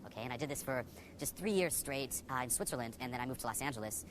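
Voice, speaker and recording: Fast, foul-mouthed young dating coach, male. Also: medium pitch, animated, slight background noise. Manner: profane, heavy on "you know" fillers. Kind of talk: candid personal story told to camera.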